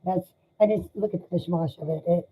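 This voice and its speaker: A woman doing a live tarot reading, speaking in an emotional, sympathetic and halting way. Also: lowish voice, dark tone, a little hiss or hum. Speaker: tarot reader. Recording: dull lo-fi sound.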